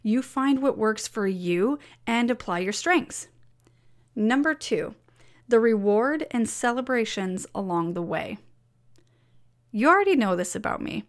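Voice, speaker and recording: A woman's voice: on the high side, animated, measured pace. A woman reading her weekly blog memo aloud as a personal letter, upbeat and encouraging.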